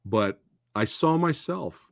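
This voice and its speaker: A man hosting a casual film discussion podcast, getting emotional and halting, laughing between words. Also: mid-range voice, lively intonation, gravelly, dry recording, clean studio sound. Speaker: podcast host.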